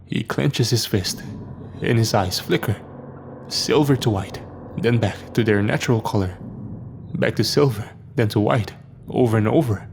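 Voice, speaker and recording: A man's voice: lowish voice, moderate pace, creaky, background noise. A man narrating a scripted first-person horror story. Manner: dramatic first-person storytelling, lines for each character read aloud.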